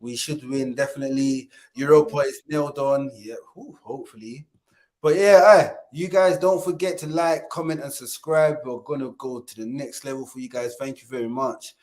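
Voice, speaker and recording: A man's voice: medium pitch, steady tone, normal speed, a little mellow. A man co-hosting a casual live stream about football. He jokes, laughs a lot, repeats phrases and urges viewers to like and subscribe. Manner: hypes viewers and asks them to like and subscribe. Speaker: co-host of a fan channel stream.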